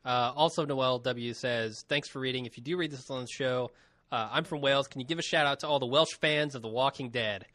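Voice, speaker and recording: A man's voice: mid-range voice, brisk, fairly bright tone, no room sound. A man co-hosting a podcast, reading listener emails aloud in a casual chat and laughing often.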